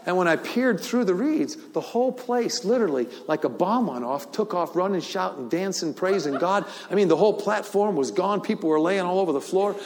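A man's voice: high voice, animated, fairly quick, few pauses. An older man preaching a sermon, telling a story with frequent laughter and repeated words. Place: large church hall. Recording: long hall reverb.

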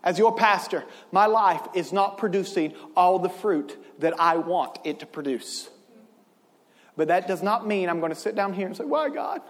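A man preaching a sermon as pastor in a church, in an impassioned style that builds to shouting. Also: high-pitched, moderate pace, long reverb tail.

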